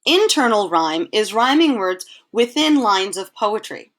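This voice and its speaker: A woman teacher giving a recorded slideshow lesson, explaining each point patiently and reading verse aloud slowly. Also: medium pitch, big pitch swings, a bit bright. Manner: clear, patient explaining, reads poem lines aloud in a slow measured way.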